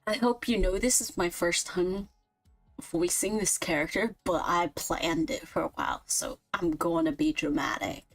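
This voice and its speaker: A woman's voice: on the low side, normal speed, vocal fry, faint music behind, low-quality recording. A woman co-hosting an improv stream, chatting casually and giggling now and then. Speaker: improv co-host. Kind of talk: casual chat.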